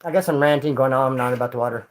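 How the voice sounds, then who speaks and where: Male streamer, rambling storyteller, street slang and swearing, swings from loud to muttered. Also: medium pitch, very fast, rough recording. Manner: jumps between loud bursts and mutters. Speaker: livestreamer. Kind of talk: casual storytelling to a live chat.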